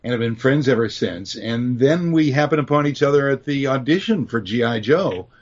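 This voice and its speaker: A man, a voice actor, telling anecdotes as an interview guest in an animated storytelling manner. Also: mid-range voice, moderate pace. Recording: dull lo-fi remote audio.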